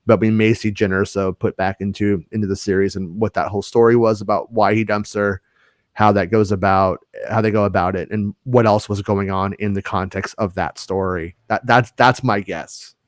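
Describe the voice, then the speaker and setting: A man's voice: fairly low pitch, steady tone, moderate pace, dry recording, studio quality. A man chatting casually on a podcast, telling stories in a rambling way with many restarts and fillers. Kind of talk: casual chat.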